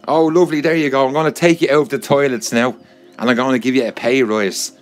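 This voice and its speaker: A man's voice: lowish voice, moderate pace, faint music behind, pitched above the performer's own voice, lightly acted. An Irish man voicing a pompous cigar-smoking male boss in a put-on Texas accent, bossy and blustering. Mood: patronizing.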